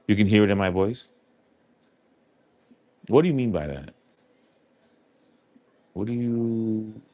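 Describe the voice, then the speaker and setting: A man's voice: low voice, no echo. A man with a New York accent, casually chatting with his viewers on a livestream and answering their questions as he goes. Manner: chatty, answers chat aloud, loose and rambling. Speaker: livestream host. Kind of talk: casual live chat with viewers.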